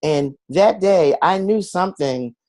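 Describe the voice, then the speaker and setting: A man's voice: high voice, lively intonation, a little slow, dark tone, no room sound. A middle-aged man being interviewed, telling a personal story in an earnest, confessional way and acting out the voices of the people he quotes. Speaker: guest.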